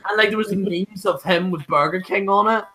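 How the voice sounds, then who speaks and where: Bright high-voiced man telling stories. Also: brisk. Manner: animated storyteller, swears, mimics others. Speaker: host. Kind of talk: casual chat.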